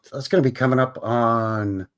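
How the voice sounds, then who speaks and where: A man's voice: medium pitch, fairly even intonation, moderate pace. A Canadian man hosting a livestream, chatting casually in a rambling, jokey way. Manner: rambling and jokey, tags lines with "eh, buddy". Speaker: livestream host.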